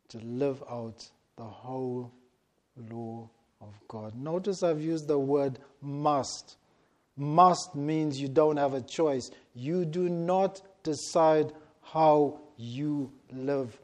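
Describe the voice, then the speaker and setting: A man preaching a sermon, slow and deliberate, stressing key words with long pauses. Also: medium pitch, mellow.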